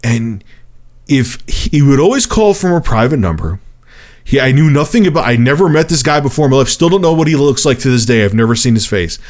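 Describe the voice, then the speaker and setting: A man in his thirties telling a personal story to camera as a vlogger, in a profane, animated way. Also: mid-range voice, fairly quick.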